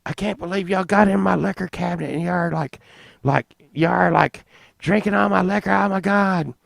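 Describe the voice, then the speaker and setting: A man putting on the voice of a shocked, flustered middle-aged mom, high and shrieking. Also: normal speed, gravelly, dry recording, studio quality. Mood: scolding.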